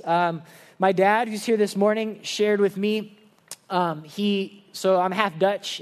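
A pastor giving a conversational sermon in a church service, telling personal stories in an earnest way. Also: male voice, high-pitched, darkish tone.

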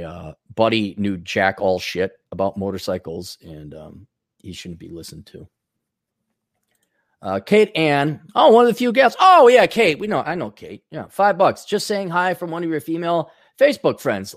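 A man's voice: on the low side, no echo, clean studio sound. A man hosting a podcast, ranting with profanity and sarcasm and reading out viewer donations. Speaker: podcast host.

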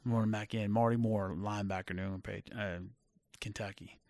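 A middle-aged former football player telling stories in a casual chat, animated and full of fillers. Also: male voice, on the low side, fairly quick, no echo. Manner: animated storyteller with many fillers. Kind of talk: casual storytelling.

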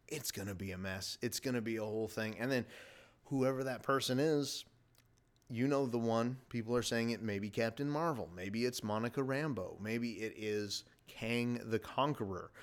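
A middle-aged man hosting a casual podcast, rambling enthusiastically and jumping between topics as he reviews a movie. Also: medium pitch. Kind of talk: casual chat.

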